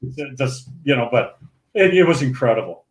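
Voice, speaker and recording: A man's voice: medium pitch, brisk, a little hiss or hum. An older man from St. Paul, Minnesota, a podcast guest telling a casual story with laughs and restarts. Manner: animated, laughing anecdote-telling with many restarts. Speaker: podcast guest, former pro bowler. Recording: roomy echo.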